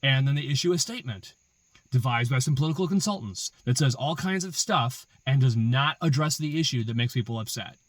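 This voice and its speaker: A man's voice: mid-range voice, lively intonation, a little fast, dry recording. A man hosting a political commentary show, arguing an opinion with emphatic repetition and rhetorical questions. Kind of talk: opinion monologue.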